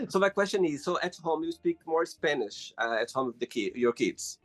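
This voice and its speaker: A man hosting a casual interview, speaking English as a second language and agreeing warmly with his guest. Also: on the high side, lively intonation, soft background music. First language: not English. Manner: encouraging, quick to agree. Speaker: podcast host.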